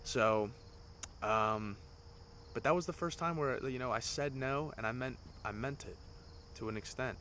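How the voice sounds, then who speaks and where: Young man with a bright, forceful voice. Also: medium pitch, unhurried, a little hiss or hum. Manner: rambling, swears often. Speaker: podcast host. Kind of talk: casual storytelling monologue.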